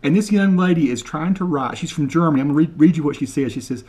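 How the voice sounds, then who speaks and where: American man, slow word-by-word repeating. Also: a little high, darkish tone. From United States. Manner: slowly repeats lines word by word and spells words out. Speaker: video host. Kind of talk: casual comedic talk to camera.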